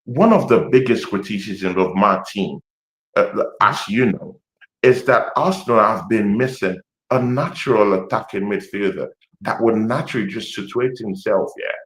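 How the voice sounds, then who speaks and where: A man with an African accent and a lowish voice talks about football at a normal speed, passionate and repetitive, hesitating with lots of fillers. He's an Arsenal fan pundit in an animated podcast chat, and the recording has a roomy echo.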